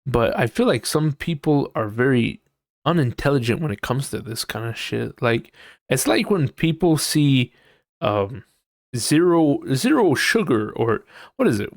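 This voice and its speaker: A man's voice: mid-range voice, expressive, unhurried, no room sound. Young male podcast host, rambling and profane, mocks people with impressions. Dry, close sound. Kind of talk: casual solo podcast rant.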